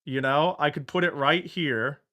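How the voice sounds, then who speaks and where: A man streaming, reacting in casual commentary, excitable and ranting, laughing and exclaiming at what he sees. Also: fairly high pitch, measured pace.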